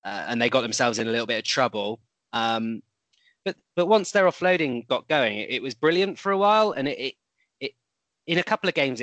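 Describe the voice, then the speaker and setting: A man's voice: medium pitch, fairly bright tone, dry recording. Man, casual sports chat, rambling, dry. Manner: chatty, rambling with restarts. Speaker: podcast co-host.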